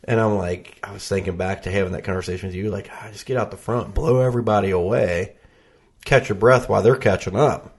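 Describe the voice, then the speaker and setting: A man appearing as a podcast guest chats casually, telling stories, joking at his own expense and laughing often. His voice is on the low side, fairly quick, with fairly even intonation.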